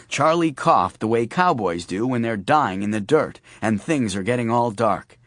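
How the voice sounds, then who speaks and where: A man's voice: medium pitch, animated, moderate pace, hardly any pauses, fairly bright tone, dry recording, studio quality. A man narrating an audiobook in a wry, storytelling manner. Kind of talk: scripted narration.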